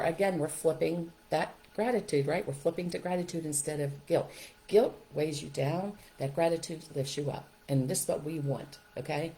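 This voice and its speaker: A woman's voice: low-pitched, mellow, low-quality recording. A middle-aged woman hosting a parenting podcast, giving upbeat, coaching advice and often checking in with "okay?" and "right?". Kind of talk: encouraging advice talk.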